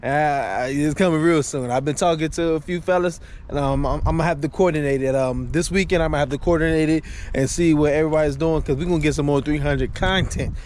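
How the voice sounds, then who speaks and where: Man, casual car vlog, slangy, rambling, fairly high voice, outdoor camera audio, engine and street noise. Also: fast talker, hardly any pauses, darkish tone. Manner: laid-back, slangy, rambling with fillers and laughs. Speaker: car vlogger. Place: outdoors by his car, then inside it. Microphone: handheld camera.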